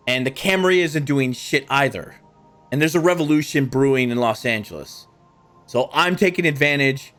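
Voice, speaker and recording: A man's voice: medium pitch, a bit bright, lightly acted. A man voicing a scornful, blunt male vampire recruiter with a cutting, pushy manner.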